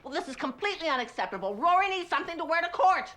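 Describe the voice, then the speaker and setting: A woman's voice: extremely high pitch, sing-song, racing, pushed and bright, heavily acted. An actress playing a haughty, formal older mother who speaks in a clipped, imperious way in a TV comedy-drama. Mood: indignant.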